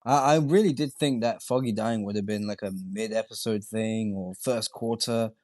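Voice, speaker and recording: A man's voice: lowish voice, fairly even intonation, moderate pace, a little mellow, no room sound, studio quality. A young man co-hosting a podcast, joking around with stumbling restarts and casual swearing. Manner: jokey, hesitant restarts, swears freely. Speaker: podcast co-host. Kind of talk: casual review chat.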